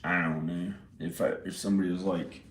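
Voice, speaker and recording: A man's voice: deep voice, steady tone, a little fast. A man in his forties rambling in a casual monologue, often laughing and swearing. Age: 40s. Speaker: indie filmmaker. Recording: roomy echo.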